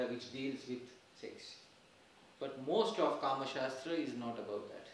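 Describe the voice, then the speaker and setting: A man's voice: medium pitch, recorded from a distance, a little hiss or hum. Man lecturing in an echoey temple hall. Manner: explanatory, emphatic, repeats key phrases. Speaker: lecturer giving a class. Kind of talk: religious class lecture with Q&A.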